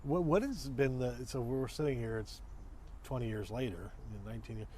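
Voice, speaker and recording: A man hosting an interview, asking halting questions and reacting with short amazed remarks. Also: medium pitch, mellow, a little hiss or hum. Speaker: interview host. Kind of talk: casual interview.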